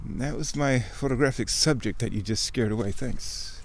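A man hosting a casual nature chat outdoors by a creek, a chatty storyteller who jumps into high mock voices when quoting people. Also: moderate pace, creaky. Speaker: host.

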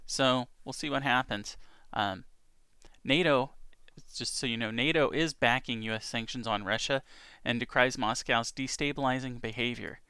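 Man, casual news podcast host, gravelly, bright tone, chatty asides, dry home recording. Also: medium pitch, normal speed, no room sound. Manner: chatty, reads headlines with asides and small laughs. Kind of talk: casual news reading and commentary. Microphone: home recording setup.

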